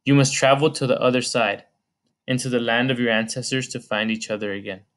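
A man reading the part of a sorrowful ancient female weeping spirit, gentle, solemn and pleading. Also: medium pitch, fairly even intonation, fairly quick, lightly acted.

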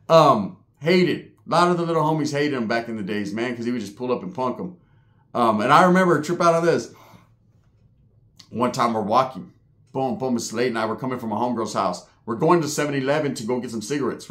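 A man's voice: medium pitch, expressive, normal speed, a bit bright. Slang-heavy man with the sniffles. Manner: street slang, swears often, acts out quoted voices. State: has the sniffles. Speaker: channel host. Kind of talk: casual storytelling monologue.

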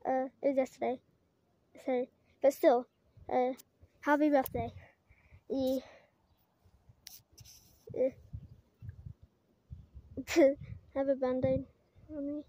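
A woman's voice: high-pitched, level tone, takes it slowly, pauses often, warm tone. A woman vlogging outdoors while climbing, rambling with many fillers and giggles, putting on a mock British-Australian accent. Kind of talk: casual rambling vlog.

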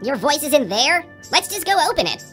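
Excitable high toy stick-figure host. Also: male voice. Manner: quick, excitable and exclamatory. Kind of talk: stop-motion cartoon hosting. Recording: loud music bed behind voice. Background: loud music and crowd noise.

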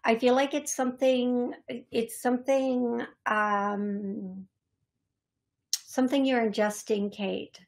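A young adult woman hosting a psychic medium show, speaking in a halting, repetitive way with many fillers as she passes on messages to viewers. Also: a little high, steady tone. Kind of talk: live-stream reading for viewers.

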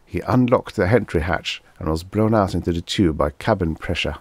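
A man's voice: low voice, normal speed, breathy edge, dry recording. A man voicing a composed stewardess. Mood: reassuring. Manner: reassuring, composed. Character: calm brave female stewardess.

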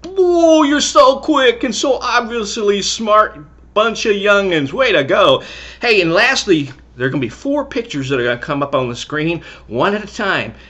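A middle-aged man leading a children's church service, cheering the kids on and then telling a Bible story gently. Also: high voice, lively intonation, moderate pace. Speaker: children's pastor. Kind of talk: lively children's church talk.

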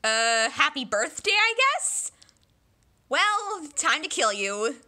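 A woman's bright, sharp voice bounces from squeaky shrieks down to grumbly mutters as she dubs a whole cast of dragons alone. She talks slowly and leans hard into each silly voice. The tone is a playful one-woman parody. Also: big pitch swings. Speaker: solo fan dubber voicing every character.

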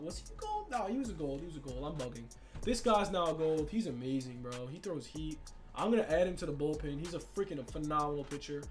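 Hyped young man talking fast. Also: on the high side. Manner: hyped and slangy, swings between shouting and muttering. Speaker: gaming YouTuber. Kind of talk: excited game commentary.

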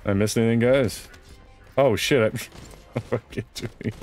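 A man's voice: medium pitch, unhurried, darkish tone, soft background music. A man giving casual gameplay commentary, joking and putting himself down throughout. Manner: joking, self-deprecating. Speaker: gaming video host.

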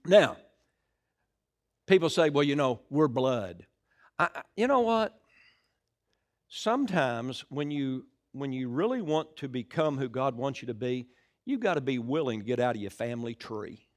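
A middle-aged man preaching a sermon in church, calling out to the congregation and swinging between loud bursts and hushed asides. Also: mid-range voice, expressive, moderate pace, long pauses. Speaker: pastor. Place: church sanctuary.

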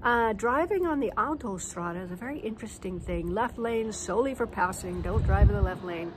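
An American woman talks to her phone camera in a relaxed, chatty vlog, her voice sitting at a middle pitch. She tells stories with lots of fillers, and faint noise hums underneath. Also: a little fast, low-quality recording. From United States. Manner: chatty storyteller, animated anecdotes with fillers. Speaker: vlogger. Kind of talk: casual vlog chat. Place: home terrace in a hill town.

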